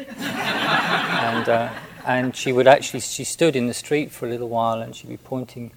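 A man who is a Buddhist monk, recounting a personal story in a gentle, hesitant way with many restarts. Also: mid-range voice, animated, moderate pace, gravelly, background noise.

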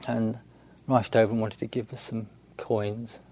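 A man, a Buddhist monk, telling a story in a halting, unhurried way with many restarts and fillers. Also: fairly low pitch, level tone, darkish tone, slight background noise. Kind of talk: storytelling talk.

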